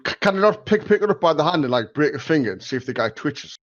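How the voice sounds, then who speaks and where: A man's voice: a little high, big pitch swings, quick pace, dry recording, muffled recording. A man playing a tabletop game, mischievous and full of playful questions. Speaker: player.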